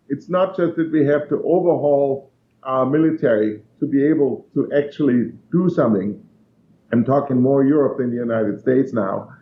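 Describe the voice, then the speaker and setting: A man's voice: on the high side, slight background noise. A man giving blunt, emphatic answers as a guest in a political interview. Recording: dull, echoey remote line.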